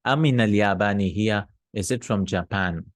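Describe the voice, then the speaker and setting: A man teaching a recorded Arabic grammar lesson, reading example sentences aloud, translating them, and checking in with quick "hmm?" and "no?" asides. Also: on the low side, no echo. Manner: explanatory, checks in with frequent "hmm?" and "no?".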